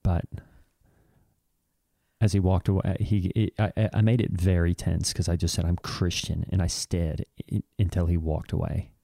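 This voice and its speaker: Man doing a devout offended church dad, Kiwi or Aussie accent, very low voice, mellow tone, rambling restarts. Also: flat delivery, normal speed, vocal fry, dry recording, studio quality. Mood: earnest aggrieved. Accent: New Zealand or Australian. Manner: earnest, aggrieved, rambling with restarts. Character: touchy devout megachurch dad, easily offended. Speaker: podcast co-host. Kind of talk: improvised satirical character comedy.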